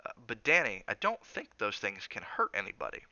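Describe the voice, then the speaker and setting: A man's voice: fairly low pitch, expressive, fairly quick, sharp tone, no room sound, lo-fi sound. A man reading the part of a kindly older male hotel cook, with a folksy, reassuring drawl.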